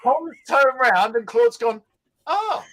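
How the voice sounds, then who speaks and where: A man, co-hosting a casual chat and telling an animated story. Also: high-pitched, normal speed, poor audio. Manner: animated storytelling, laughing at his own tale. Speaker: co-host.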